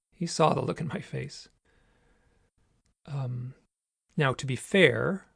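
Earnest man with a gravelly voice. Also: medium pitch, no room sound, studio quality. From United States. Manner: earnest, personal, measured. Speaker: podcast host. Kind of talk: reflective solo storytelling.

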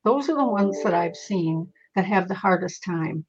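A middle-aged woman with a husky, slightly breathy voice speaks as a medium guest in a casual interview. She tells her stories in a lively way, shifting into the voices of the people she quotes. The recording sounds a little dull and lo-fi. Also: fairly low pitch, moderate pace.

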